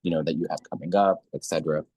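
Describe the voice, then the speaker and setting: A man's voice: rumbling low, steady tone, very fast, darkish tone, husky, no echo, rough recording. A man hosting a podcast, speaking earnestly and with open emotion as he thanks his guests. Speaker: podcast host. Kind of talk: closing remarks of an interview.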